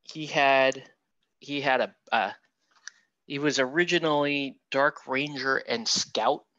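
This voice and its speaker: A man's voice: mid-range voice, slow pace, sharp tone, no room sound, lo-fi sound. A man who streams himself painting miniatures, chatting casually and rambling with self-mocking asides to his viewers. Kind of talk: casual livestream painting tutorial.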